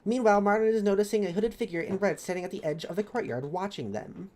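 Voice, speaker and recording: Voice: medium pitch, fast talker, a little mellow, slight background noise. A streamer reading a story recap of a tabletop campaign, chatty and rambling. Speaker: streamer narrating campaign lore.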